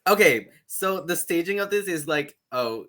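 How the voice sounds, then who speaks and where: A man's voice: on the high side, animated, moderate pace, a bit bright. A man co-hosting a podcast in casual chat, enthusing with plenty of 'um' and 'like'. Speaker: podcast co-host.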